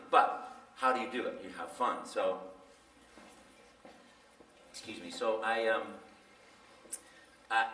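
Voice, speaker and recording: A man tells stories at a convention panel in an animated, laughing way, acting out the voices as he goes. His voice is bright, and the sound echoes around a large hall from a distance. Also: on the low side. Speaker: voice actor, panel guest. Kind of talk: storytelling at a fan convention panel.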